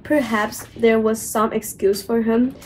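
A woman's voice: fairly high pitch, fairly even intonation, a little slow, a little mellow, rough recording. A woman reading a storybook aloud carefully, with occasional small slips, over faint room noise. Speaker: audiobook reader. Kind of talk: read-aloud storybook narration.

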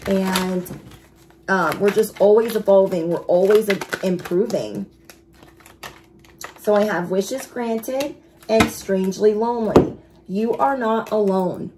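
A woman giving a casual tarot reading, chatty and excitable, speaking straight to her viewers. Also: medium pitch, takes it slowly, background noise. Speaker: tarot reader.

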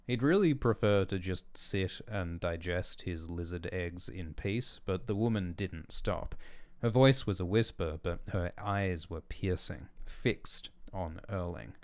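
A man reading his own story aloud as narrator, in measured, descriptive narration. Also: sits low, darkish tone, no echo. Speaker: author and narrator.

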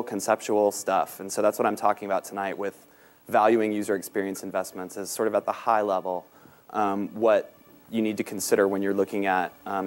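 A man with a Southern American accent speaks at a panel event with a fairly low voice. He talks quickly and fills pauses with "um" and "uh". He has a self-deprecating, conversational manner. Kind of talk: conference talk. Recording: talk recorded in a meeting room.

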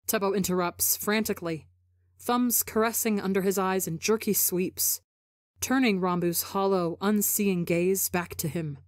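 A woman reading a story for a podcast, narrating in a measured, emotive way. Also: medium pitch, steady tone, no room sound, studio quality. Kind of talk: dramatic audiobook narration.

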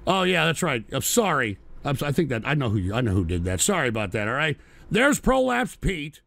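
An older man hosting a crude radio talk show, boasting and swearing, often breaking into loud shouting. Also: medium pitch, sing-song, brisk, vocal fry.

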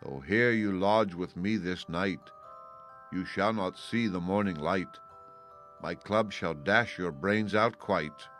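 A man voicing a huge, scheming male Welsh giant who talks slowly and menacingly and stammers when caught off guard. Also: fairly bright tone, faint music behind. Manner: slow and menacing, then high and stammering.

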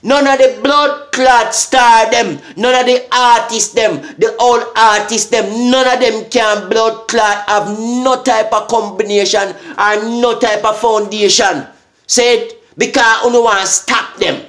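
A Jamaican man with a high voice rants to camera, heated and full of swearing. He keeps asking "eh?" to drive each point home. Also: steady tone, a little slow, fairly bright tone. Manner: profane, heated, repeating "eh?". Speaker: vlogger. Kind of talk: angry rant.

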